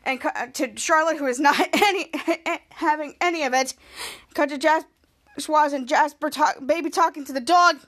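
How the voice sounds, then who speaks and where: A woman hosting a podcast, recapping a TV episode in a casual, excitable way, repeating herself and correcting her own words. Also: high voice, moderate pace. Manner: excitable, repetitive, frequent self-corrections. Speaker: podcast host.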